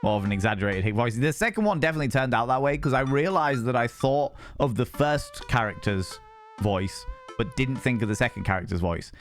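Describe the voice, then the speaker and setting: Guy streaming a game, lively voice, chatty and rambling, faint music under it. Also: mid-range voice. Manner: chatty, rambling, reads game text aloud. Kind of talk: casual game playthrough with chat.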